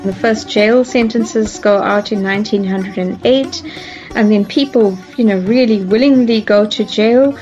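A woman's voice: medium pitch, a little slow, a little mellow, highs cut off. A woman speaking as a historian in a documentary interview, explaining in a conversational way with many fillers and restarts. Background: music.

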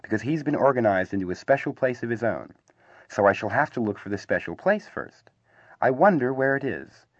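A man voicing a gentle, muddled young male teddy bear who muses earnestly and bemusedly. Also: mid-range voice, sing-song, fairly quick, no room sound. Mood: musing. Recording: slightly dull, dry recording.

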